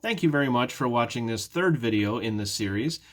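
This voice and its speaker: A man's voice: mid-range voice, lively intonation, brisk, a bit bright. A man teaching a prerecorded beginner English lesson, patiently explaining step by step with repeated example sentences and modeling question intonation. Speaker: ESL teacher.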